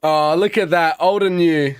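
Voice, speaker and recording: A man hosting a live race watch-along, reacting with loose, slangy excitement and wrapping up the coverage. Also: fairly high pitch, moderate pace, clear, resonant tone, dry recording, clean studio sound. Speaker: host.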